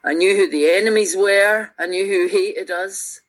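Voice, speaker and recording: A woman's voice: medium pitch, normal speed. A Scottish woman around sixty with a Glaswegian accent, telling stories earnestly and with feeling as a guest on a radio show. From Scotland. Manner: earnest and animated, with frequent restarts. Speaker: musician guest. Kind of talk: reflective conversational storytelling.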